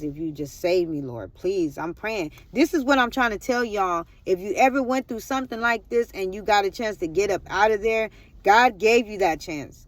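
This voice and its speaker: A woman's voice: medium pitch, dry recording. Woman vlogger, rambling testimony storyteller who addresses the audience directly. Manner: rambling, repeats "I'm like", talks straight to viewers.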